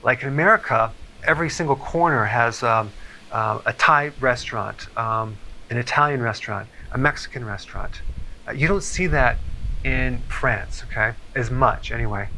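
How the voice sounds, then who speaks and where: A man presenting a health talk in a measured, explanatory way, often pausing to check in with "okay?". His voice is bright and forceful, with a faint hiss behind it. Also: medium pitch, poor audio.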